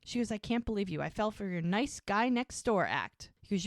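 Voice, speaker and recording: A woman's voice: mid-range voice, lively intonation, moderate pace, no room sound, clean studio sound. A woman co-hosting a podcast, casually recapping a TV episode and retelling scenes by quoting the characters. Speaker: podcast co-host.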